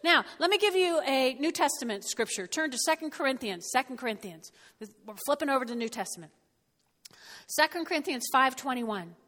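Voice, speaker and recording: A woman pastor delivers a lively, folksy sermon in a bright, high voice. She whoops and chuckles between points. Her words carry with the long reverb of a church hall.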